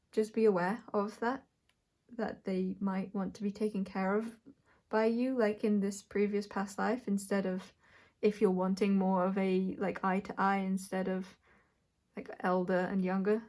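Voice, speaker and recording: A woman doing a pick-a-pile tarot reading, speaking in a searching way, often correcting herself and thinking aloud with soft laughs. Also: mid-range voice. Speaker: tarot reader. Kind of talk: intuitive tarot reading to camera.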